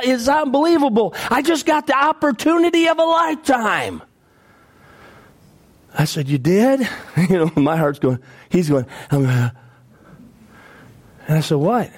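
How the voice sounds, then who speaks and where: A male pastor preaches a sermon, telling a story emphatically and repeating phrases. At the sad parts his voice drops low and soft.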